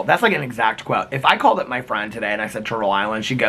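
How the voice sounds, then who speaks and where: A middle-aged man talks to his camera in a loose, rambling way, laughing often as he acts out favorite movie quotes. His voice is bright and forward. A faint hiss sits under it. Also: medium pitch, sing-song, quick pace. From United States. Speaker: vlogger. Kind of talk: casual chat.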